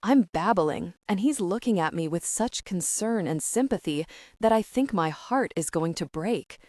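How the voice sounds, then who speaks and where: A woman narrating a first-person romance audiobook in a steady, even reading voice. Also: medium pitch, normal speed, no room sound, studio quality.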